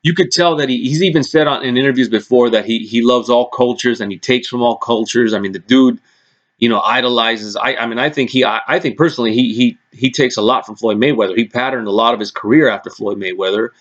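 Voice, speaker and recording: A man in a casual vlog rant, worked up and swearing freely as he talks. He often restarts and stumbles over his sentences. His voice sits at an ordinary male pitch. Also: fast, highs cut off. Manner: excitable, swears a lot, frequent restarts. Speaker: vlogger recapping press conferences.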